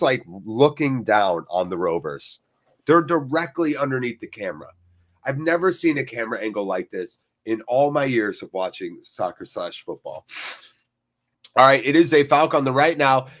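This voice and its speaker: A man hosting a live football watchalong, mid-pitched and quick to get excited. He mixes play-by-play commentary with jokes and chatty replies to viewers, talking from a cold room attached to his house.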